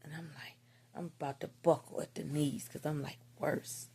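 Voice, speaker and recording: Gravelly, husky woman telling a story. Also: sits low, little pitch movement, brisk, dark tone. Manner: candid, profane, slangy storytelling. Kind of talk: casual storytime monologue.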